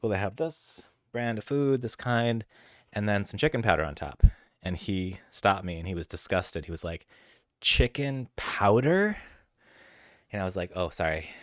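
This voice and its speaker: A man with a low, deep voice chats casually with his live audience at home, telling stories in an easygoing, chatty way. The sound is close and dry with no room echo. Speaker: live streamer. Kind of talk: casual chat with viewers. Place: at home with his cats, late at night.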